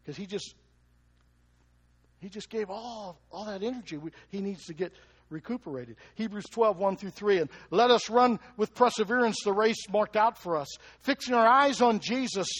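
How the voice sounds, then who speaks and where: Pastor guy with a fairly high voice preaching, keeps quizzing the crowd, chuckles here and there. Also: normal speed. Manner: lively, asks the congregation questions. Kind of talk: sermon.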